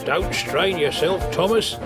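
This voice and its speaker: A man voicing a good-humoured male engine driver who speaks calmly and reassuringly. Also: sits high, a little slow, loud music behind the voice. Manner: calm, reassuring, easily amused.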